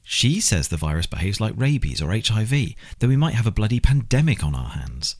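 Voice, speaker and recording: Guy voicing an earnest anxious compliance officer, insistent, husky. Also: lowish voice, sing-song, fairly quick, voice pushed up. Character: anxious male compliance officer, expectant father. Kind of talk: audiobook character reading.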